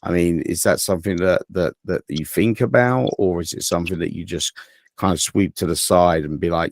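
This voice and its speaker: Gravelly low Englishman, chatty co-host. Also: brisk, no room sound, clean studio sound. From England. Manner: joking, chatty, trails off with "you know". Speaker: podcast co-host. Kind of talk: casual podcast chat.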